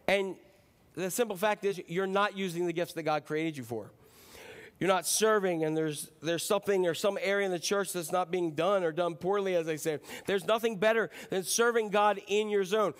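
A man delivering a sermon in a loose, conversational style, slightly higher-pitched than most men. He speaks with animation and drops low and quiet when he acts out what other people said. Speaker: pastor.

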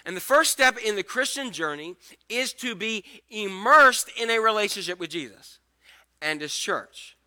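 A male pastor giving a conversational, animated sermon, acting out the scripture scenes as he goes. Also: high-pitched, moderate pace.

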